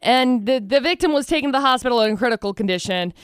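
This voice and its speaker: A woman co-hosting a radio show, telling odd news stories in an animated way. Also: fairly high pitch, quick pace, clear, resonant tone, no room sound, studio quality. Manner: animated storytelling, exasperated. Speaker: radio co-host. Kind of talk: casual radio banter.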